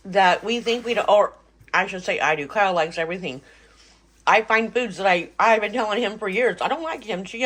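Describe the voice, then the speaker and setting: A woman's voice: mid-range voice, fairly bright tone. Middle-aged woman, home cooking vlog host, enthusiastic casual chatter. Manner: chatty, enthusiastic, talks with mouth full. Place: home kitchen.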